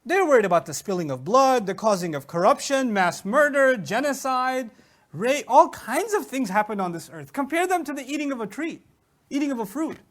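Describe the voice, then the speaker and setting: A man teaching Quran commentary in an animated lecture, asking rhetorical questions and retelling stories with humor. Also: extremely high pitch, moderate pace. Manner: animated, asks rhetorical questions and answers them.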